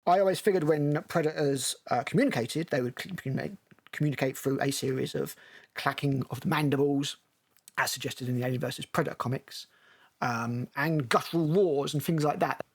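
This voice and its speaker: Gravelly, blunt-talking male film critic. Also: mid-range voice, brisk. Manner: blunt, sarcastic, profane. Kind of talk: trailer reaction commentary.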